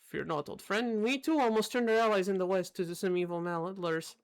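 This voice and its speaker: A woman voicing a calm, magnanimous male king in a game, with a made-up accent. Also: mid-range voice, a little fast, lightly acted.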